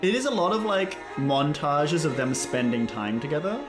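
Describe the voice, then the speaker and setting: Low-voiced joking woman podcast host. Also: big pitch swings, normal speed, music in the background. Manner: joking, sarcastic, laughs a lot. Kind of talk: casual film-watching commentary.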